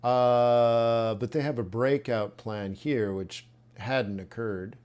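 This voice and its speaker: A man's voice: mid-range voice, steady tone, slow, a little mellow, clean tone. A man coaching traders in a live webinar, thinking aloud and reacting bluntly as he reviews trade plans. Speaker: trading coach. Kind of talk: live trading webinar commentary.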